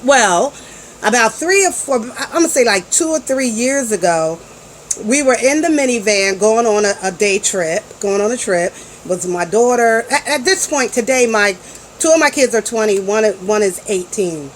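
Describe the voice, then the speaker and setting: Chatty slangy mother, higher voice. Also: lively intonation, moderate pace, a little hiss or hum, poor audio. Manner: chatty and slangy, with frequent restarts. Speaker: parent vlogger. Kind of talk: casual storytelling to camera.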